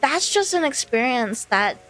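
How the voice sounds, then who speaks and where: A woman's voice: high voice, big pitch swings, a little slow, fairly bright tone, soft background music, low-quality recording. A woman streamer telling a personal story in a casual, rambling way, full of fillers and small laughs. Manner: rambling, filler-heavy, with laughs between phrases.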